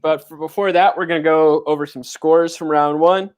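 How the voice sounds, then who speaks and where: A man hosting a casual online quiz show over a video call, running the rounds with jokes and quick banter. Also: a little high, fairly even intonation, a little mellow, smooth. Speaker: game show host.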